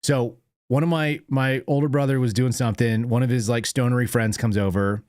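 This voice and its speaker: A male call-in host rambles through a story, filling it with "like" and breaking into laughter. His voice is mid-pitched and recorded very dry, with no room sound. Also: steady tone, fairly quick, darkish tone, no echo. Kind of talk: casual storytelling chat.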